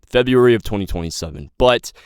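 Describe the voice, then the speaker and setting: A man's voice: fairly low pitch, lively intonation, quick pace, a little mellow, clear, resonant tone, no echo, clean studio sound. A nineteen-year-old man giving an impassioned, rambling personal update to his viewers, swearing and stumbling over his words. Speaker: YouTube creator and novelist.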